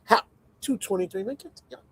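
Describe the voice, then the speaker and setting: A man with a fairly high voice talks through a casual livestream, animated and conversational. He jumps between loud, emphatic points and quiet muttered asides. The sound is dry and close, with no room echo. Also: fairly quick, slightly rough. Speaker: livestream commentator.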